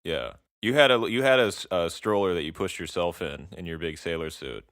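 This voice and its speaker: A man co-hosting a podcast in casual chat, playful and joking, halting with fillers. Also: sits low, a bit bright, no room sound, studio quality. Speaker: podcast co-host.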